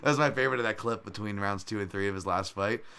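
Animated rambling man, bright and low. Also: fast, smooth. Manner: rambling, animated, lots of fillers and loud impressions. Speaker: podcast host, MMA analyst. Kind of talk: casual solo podcast talk.

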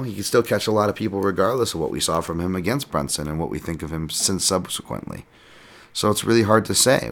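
A man's voice: deep voice, creaky. A man hosting a podcast, talking through fight picks in a loose, rambling way, with frequent restarts and casual swearing. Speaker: podcast host and fight analyst.

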